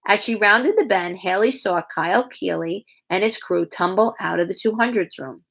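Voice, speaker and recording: A woman's voice: mid-range voice, moderate pace, vocal fry. Woman reading a children's novel aloud. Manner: acts out characters with lively voices. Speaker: reader.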